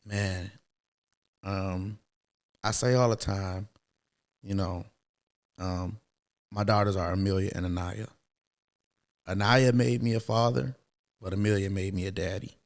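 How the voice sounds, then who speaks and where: A man in his thirties, a podcast guest, telling a personal story in a casual, animated way. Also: low voice, measured pace, long pauses. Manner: animated, acts out quoted voices, many fillers.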